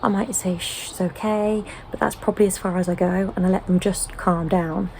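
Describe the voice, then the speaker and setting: A British mother in a casual sit-down chat, explaining gently with frequent ums. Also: on the low side, steady tone, fairly quick, a little hiss or hum, rough recording. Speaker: home-educating mother.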